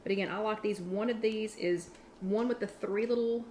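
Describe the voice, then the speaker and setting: A woman's voice: medium pitch, fairly even intonation, moderate pace, dark tone, a little hiss or hum. A woman hosting a casual live cooking chat from her home kitchen, talking in a chatty, rambling way and restarting her sentences. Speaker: online workshop host.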